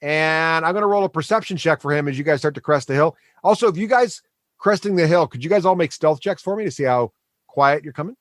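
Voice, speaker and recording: A man narrating as game master of a tabletop game, animated and laughing, adding sound effects. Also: on the high side, fast talker, dry recording.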